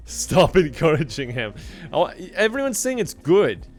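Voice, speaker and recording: A man's voice: fairly high pitch, animated, slow pace, pauses often, soft background music. Laid-back man chatting on stream. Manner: laughs often, reads out chat donations, rambling. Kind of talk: casual gaming livestream chat.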